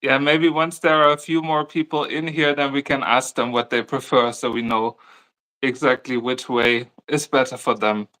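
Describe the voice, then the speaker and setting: Bright-voiced man chatting casually. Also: mid-range voice, level tone, moderate pace, rough recording. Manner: light, laughs often, thoughtful asides. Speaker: co-host of a crochet livestream. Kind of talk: casual live chat.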